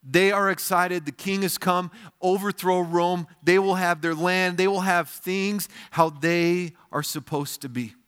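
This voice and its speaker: Bright-voiced man preaching a sermon. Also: steady tone, unhurried, smooth. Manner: explains scripture in plain, conversational terms; prays in a softer, lower voice. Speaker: pastor. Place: church.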